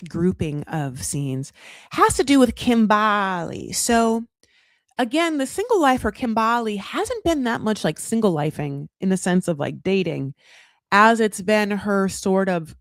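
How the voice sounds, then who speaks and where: A woman hosting a casual reality TV recap, talking in sassy, animated bursts and swearing freely. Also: mid-range voice, unhurried, dry recording, clean studio sound.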